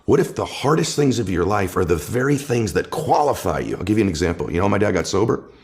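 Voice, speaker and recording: A man's voice: lowish voice, big pitch swings, quick pace, vocal fry, darkish tone. A man speaking as a guest author in an interview, giving impassioned motivational talk that builds with repeated, rising phrases.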